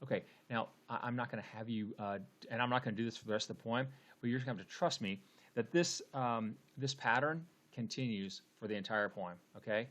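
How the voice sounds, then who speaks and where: A man's voice: mid-range voice, a little fast, fairly bright tone. Casual man teaching poetry. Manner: conversational, frequent "okay" and fillers.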